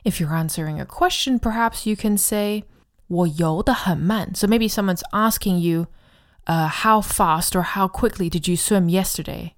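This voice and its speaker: A woman co-hosting a podcast language lesson, explaining grammar in a friendly way and modelling phrases slowly. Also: medium pitch. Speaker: co-host and Chinese teacher.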